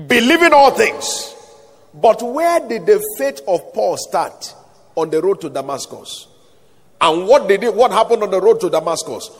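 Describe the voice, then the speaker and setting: Speaking in a high voice with a breathy edge, a man preaches dramatically, quoting scripture and prompting the congregation to answer. The sound has the echoey reverb of a large hall or outdoor gathering.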